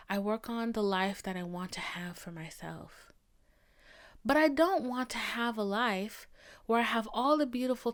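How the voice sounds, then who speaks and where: A young woman in her twenties hosting a solo podcast, ranting bluntly and with exasperation, sometimes dropping into whispers and swearing. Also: fairly high pitch. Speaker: podcast host. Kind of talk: casual solo podcast rant.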